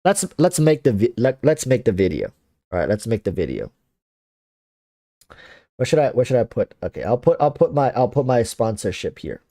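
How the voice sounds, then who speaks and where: A man's voice: medium pitch, sing-song, moderate pace, pauses often, warm tone, dry recording, studio quality. A man chatting casually on a livestream, rambling with lots of fillers and restarts, reading viewer comments. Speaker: streamer.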